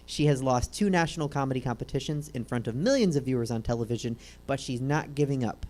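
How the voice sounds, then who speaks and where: A woman's voice: very deep voice, quick pace, darkish tone. A woman hosting a comedy talk show, joking in a dry way and introducing guests.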